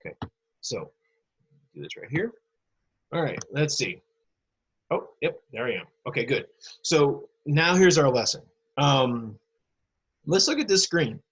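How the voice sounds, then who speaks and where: A man's voice: on the high side, animated, a little slow, long pauses, fairly bright tone, slightly rough, poor audio. A male teacher recording a remote lesson for students, explaining patiently and addressing the kids directly. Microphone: computer mic.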